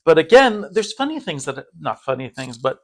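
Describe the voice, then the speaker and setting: A man's voice: fairly high pitch, very animated, moderate pace. Candid middle-aged man talking through loss. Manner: candid and rambling, with frequent fillers and laughs. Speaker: guest. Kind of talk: casual conversation about grief.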